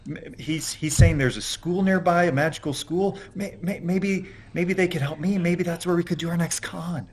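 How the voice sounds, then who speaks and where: A man's voice: a little high, fairly even intonation, normal speed. Guy playing a tabletop game, stammers a lot, keeps repeating himself. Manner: stammering, repeats words when in character. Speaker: player. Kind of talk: tabletop role-play.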